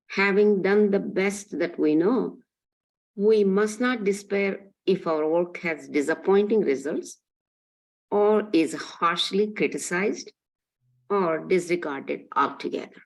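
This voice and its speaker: A woman reads a religious text aloud to a study class. Her reading is slow, careful and even. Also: fairly low pitch, creaky, low-quality recording. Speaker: reader in a class.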